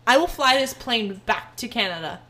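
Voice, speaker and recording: A young woman co-hosting a podcast, telling a travel story in an animated, exaggerating way with plenty of swearing. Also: a little high, normal speed. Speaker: podcast co-host. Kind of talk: casual storytelling chat.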